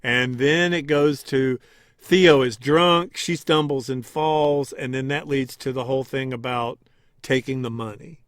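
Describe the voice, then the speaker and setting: A man co-hosting a podcast, chatting casually as he recaps scenes and acts out quick quoted lines. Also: medium pitch, steady tone, no room sound, clean studio sound. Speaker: podcast co-host.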